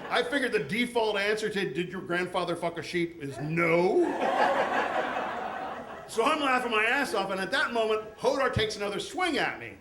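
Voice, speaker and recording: High, lively American man telling stories. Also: brisk, few pauses. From United States. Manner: deadpan, profane comic delivery. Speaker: storyteller. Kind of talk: live comic personal storytelling. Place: stage at a live storytelling event. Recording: echoey room, faint background noise.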